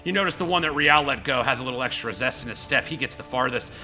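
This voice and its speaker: A game master with a mid-range voice narrates quickly as faint music plays behind him. It's a rambling, animated performance, heavy on "like" and "you know," with the scene acted out.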